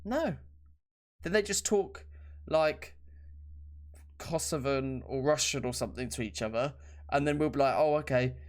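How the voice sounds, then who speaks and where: A man's voice: mid-range voice, measured pace, long pauses. A young British man co-hosting a casual gaming podcast, rambling and laughing often. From Britain. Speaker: podcast co-host.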